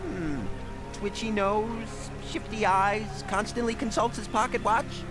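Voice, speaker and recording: A woman's voice: medium pitch, fairly even intonation, slow, lightly acted. A woman voicing a timid, fussy, mournful male mock turtle in a video game, with a quavering, prim voice. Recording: game audio under music.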